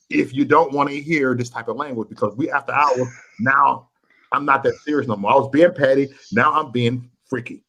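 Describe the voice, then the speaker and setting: A man's voice: mid-range voice, normal speed, fairly bright tone, low-quality recording. A man hosting a late-night livestream, talking crude, boastful and petty, and repeating his phrases. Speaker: livestream host.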